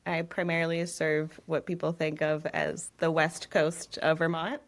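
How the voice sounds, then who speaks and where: A woman's voice: low-pitched, little pitch movement, unhurried. A woman in her thirties, a real estate agent from New England, chatting in a casual interview, rambling a little and laughing often.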